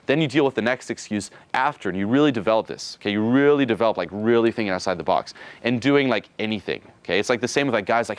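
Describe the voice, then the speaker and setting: A man coaching a group at a rapid clip, casual and profane, checking in with "okay?" every few lines. He slips into acted bits of dialogue while he explains. The sound is dry and close, with no room echo. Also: medium pitch, lively intonation. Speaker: dating coach.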